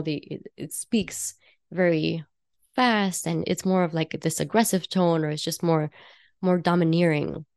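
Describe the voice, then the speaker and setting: A woman with a lowish voice chats warmly as a podcast guest, laughing often and circling back through fillers and restarts. The sound is dry and close to the mic, with no room echo. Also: clear, resonant tone. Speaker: guest, intuitive life coach and psychic. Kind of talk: casual podcast conversation.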